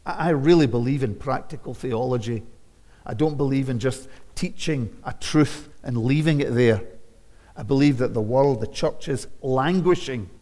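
A Scottish man in his seventies preaching a sermon, talking conversationally, then turning loud and emphatic. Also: medium pitch, normal speed. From Scotland. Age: 70s. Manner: conversational, swinging from quiet asides to loud emphatic declarations. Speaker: visiting preacher. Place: church sanctuary. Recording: long church reverb.

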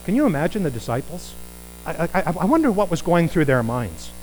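A male preacher delivering a conversational sermon in a voice pitched a little above the usual for a man. He talks in an animated way and keeps turning to his listeners with rhetorical questions, with a faint hum underneath. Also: fairly quick, rough recording.

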